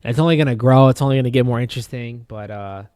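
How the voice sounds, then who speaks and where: A man's voice: medium pitch, rapid-fire, darkish tone, clean tone, no room sound, studio quality. A young man co-hosting a podcast in casual chat, loose and rambling, swearing and laughing often. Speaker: podcast co-host.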